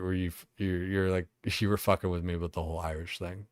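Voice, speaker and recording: Deep-voiced young streamer, dry close mic. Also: male voice, flat delivery, fairly quick, no echo. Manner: rambling, swears a lot, many fillers. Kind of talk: casual chat while streaming a game.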